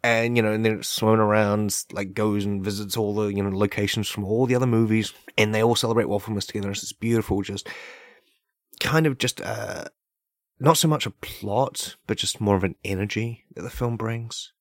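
Speaking briskly in a fairly low voice, this podcast host riffs through a comedic monologue stuffed with fillers, especially "like" and "right?" asked to no one. He lauds silly ideas with mock-earnest deadpan. The podcast mic gives a close, dry sound with no surrounding room.

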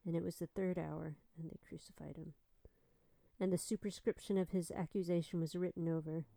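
Woman, scripture reading, gravelly voice, low pitch, calm. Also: brisk, no room sound, low-quality recording. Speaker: scripture reader.

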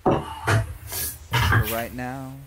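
A man voicing an aunt who gently puts off a serious talk and calls the listener dear. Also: mid-range voice, level tone, extremely slow. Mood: evasive. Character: doting aunt, a woman, gently evasive. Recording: noisy line.

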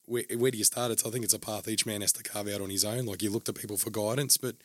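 Man, low voice, halting speech, many fillers, dry close sound. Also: steady tone, a bit bright, dry recording. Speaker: guest. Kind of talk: casual podcast chat.

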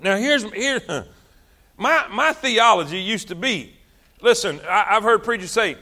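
High, bright-voiced preacher man. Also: a little slow. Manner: animated, drawls and stretches words for emphasis. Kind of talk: sermon.

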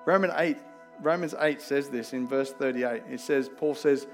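A man's voice: mid-range voice, moderate pace, faint music behind. A man with an Australian accent preaching a sermon, earnest and conversational, weaving in personal stories. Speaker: pastor.

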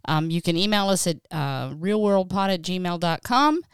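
A woman's voice: on the low side, expressive, moderate pace, smooth, no echo, studio quality. A woman hosting a podcast, affirming her guest and signing off. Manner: encouraging, affirming. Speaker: podcast host. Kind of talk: casual podcast chat.

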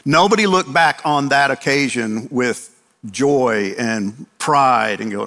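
Speaking slowly in a bright, forceful mid-range voice, this preacher repeats phrases for emphasis and poses questions only to answer them himself. His sermon echoes with long hall reverb.

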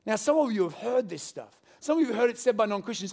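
Lively high-voiced preacher. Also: male voice, fast talker, vocal fry. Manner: animated, joking with the congregation. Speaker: pastor. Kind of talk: sermon. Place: church hall with congregation.

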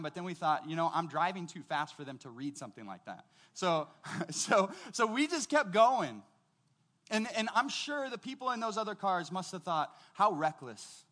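Male pastor, middle-aged, higher-pitched voice, casual conversational preaching, tells stories. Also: bright, forceful tone. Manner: conversational, storytelling with quoted voices. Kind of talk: sermon.

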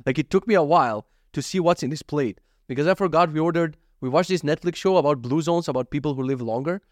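Fast-talking and fairly high-pitched, a vlogger in his thirties delivers a laid-back daily monologue full of lively anecdotes and frequent swearing. He acts out his own thoughts, and the studio audio is clean with no room sound.

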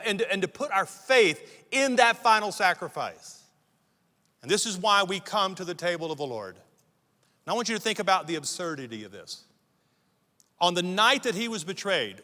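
A middle-aged man from the United States preaches with a high, forceful voice, driving his points home in stacked, repeated phrases. His words ring out with the long reverb of a large church hall. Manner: emphatic preaching, building lists and repeated phrases. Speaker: pastor. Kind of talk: sermon. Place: church sanctuary.

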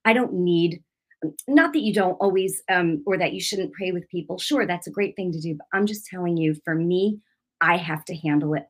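A middle-aged woman gives a personal testimony of faith, in the manner of a sermon. Her retelling is emotional and animated, full of fillers and restarts. Now and then she swells into an intense, raised voice as she acts out her prayers. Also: lowish voice, normal speed. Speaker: Christian speaker giving a testimony.

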